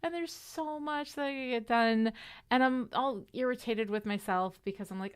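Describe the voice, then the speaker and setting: A woman's voice: a little high, steady tone, moderate pace, smooth. A tired woman chatting casually with her live audience during a writing sprint, upbeat and full of fillers. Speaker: livestream host of a writing sprint.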